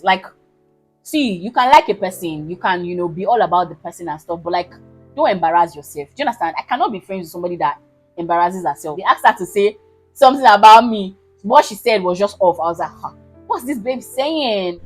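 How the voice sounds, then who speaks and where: A young woman with a Nigerian accent telling a storytime vlog in a sassy, emphatic way, mixing slang and pidgin. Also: medium pitch. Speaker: vlogger. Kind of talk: casual storytime.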